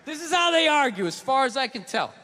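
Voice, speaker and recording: A man doing a live stand-up set on a theater stage, ranting and profane, swinging from muttering to yelling. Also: very high voice, sing-song, brisk, slight background noise. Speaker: stand-up comedian. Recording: echoey hall with loud crowd. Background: audience laughter.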